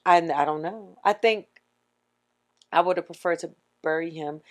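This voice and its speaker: A woman's voice: lowish voice, normal speed. A middle-aged woman with a Washington DC accent, co-hosting a podcast in casual chat, telling stories animatedly and acting out what others said. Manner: animated storyteller, acts out quotes. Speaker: podcast co-host.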